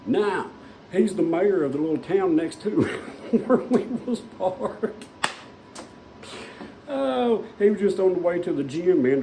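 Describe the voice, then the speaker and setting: A man's voice: mid-range voice, warm tone, a little hiss or hum, poor audio. A man, casually telling a rambling, folksy story full of fillers, as a vlogger in a small shop.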